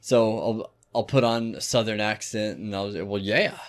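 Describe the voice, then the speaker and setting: A man with a fairly low voice co-hosts a casual podcast. He tells his stories with plenty of swearing and frequent laughter, in a loose, rambling chat. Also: normal speed. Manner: profane, laughing storyteller. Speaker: podcast co-host.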